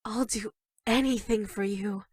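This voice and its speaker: An actress voicing an obsessive yandere schoolgirl for a dating game, shy and stammering with flashes of dark menace. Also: mid-range voice, fairly even intonation, measured pace, husky, no room sound, studio quality. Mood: creepy sweet. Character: obsessive yandere schoolgirl, sweet but creepy. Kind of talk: scripted game voice lines.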